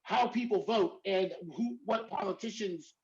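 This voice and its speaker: A man's voice: high voice, a little slow, vocal fry, a little mellow. A man speaking as a professor on a panel, talking emphatically and checking in with "right?" again and again. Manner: emphatic, repeats "right?" often. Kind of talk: panel discussion. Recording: dull lo-fi audio.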